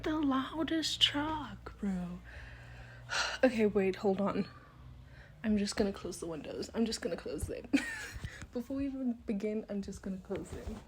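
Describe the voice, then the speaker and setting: With a medium-pitched, darkish voice, a woman in her twenties chats casually on her own podcast at a moderate pace, leaving long pauses. She rambles, laughs often, and murmurs whispered asides while holding her phone in a windowed room at home, with slight background noise.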